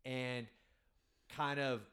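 A man's voice: mid-range voice, level tone, very slow, fairly bright tone, clean tone. A man in his forties hosting a casual interview podcast, talking in a rambling, enthusiastic way and often restarting his thoughts. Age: 40s. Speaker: podcast host.

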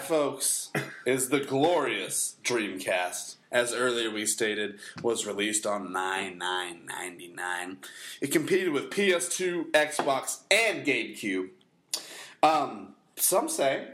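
A man's voice: medium pitch, lively intonation, a little slow, a bit bright. A man co-hosting a podcast, telling profane stories in a loose chat and acting out the voices of the people in them. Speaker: podcast co-host. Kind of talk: casual storytelling chat.

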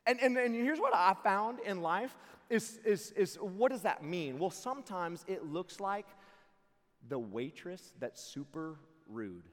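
A young man preaching at a camp, telling comic stories in an animated way full of "like" and "dude.". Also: sits high, unhurried, long reverb tail. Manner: animated, joking, lots of "like" and "dude". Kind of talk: comic storytelling sermon.

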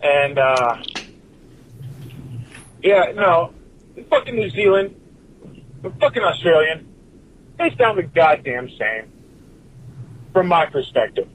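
A fairly high-voiced man rants into his recording, cursing at every turn and hopping from one gripe to the next. A faint hiss sits under his voice. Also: sing-song, slow pace, pauses often, fairly bright tone, poor audio. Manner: swears constantly, drifts from point to point. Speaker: listener sending in a recorded message. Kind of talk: profane rambling rant.

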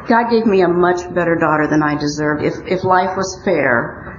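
A woman's voice: on the low side, moderate pace, a little hiss or hum. An older woman from Omaha, Nebraska, giving a personal recovery talk in an earnest, storytelling way with wry humor. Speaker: speaker at a recovery meeting. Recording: muffled roomy recording.

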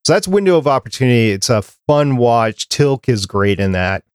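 A man's voice: medium pitch, sing-song, moderate pace, clear, resonant tone, no room sound, clean studio sound. A man hosting a podcast, chatting casually as he works through a prepared list. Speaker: podcast host.

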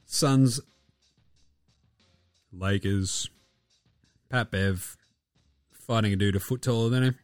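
A man's voice: on the low side, slow, pauses often, no echo, faint music behind. An Australian man hosting a basketball podcast, chatting casually in a jokey, rambling way with plenty of swearing. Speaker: podcast host.

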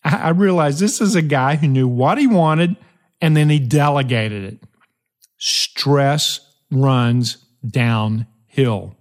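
A man hosting a motivational podcast, telling a story emphatically with dramatic pauses and shifting pace. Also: mid-range voice. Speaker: podcast host.

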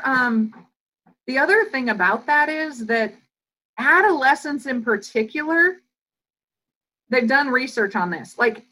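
Woman guest expert, lively explainer with a bright, slightly high voice. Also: low-quality recording. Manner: animated, fast-flowing explanations that act out quoted voices. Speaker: guest psychologist and educator. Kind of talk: podcast interview.

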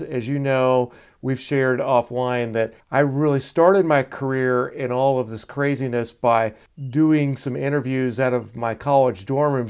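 A man co-hosting a podcast, speaking in an earnest, measured way. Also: medium pitch, a little mellow, clear, resonant tone. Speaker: podcast co-host. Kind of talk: podcast chat.

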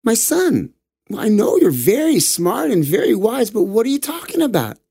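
A man voicing gentle divine parents calming their children in a lifted, soothing voice. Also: high-pitched, moderate pace, creaky, slightly rough, voice pushed up, exaggerated voice. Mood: puzzled.

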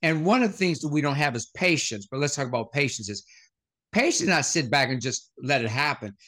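A man's voice: medium pitch, lively intonation, fairly quick, sharp tone. A man speaking as a motivational speaker, telling stories as a podcast guest and firing off short rhetorical questions. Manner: punchy rhetorical questions, anecdotal.

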